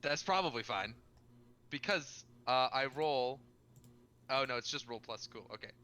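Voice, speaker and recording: Male player, piercing bright voice, joking around. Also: medium pitch, a little slow, smooth. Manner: jokey, self-correcting. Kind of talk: casual play at the table.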